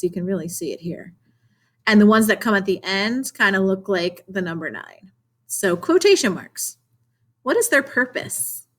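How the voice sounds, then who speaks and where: Woman, teacher, young adult, clear, encouraging, asks the class questions, remote lesson. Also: medium pitch, fairly bright tone. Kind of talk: remote video lesson for children.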